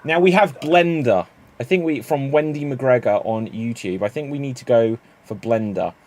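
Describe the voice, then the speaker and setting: A man's voice: medium pitch, moderate pace, darkish tone. A man hosting an improv livestream, chatting in a rambling way with plenty of fillers. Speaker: improv show host.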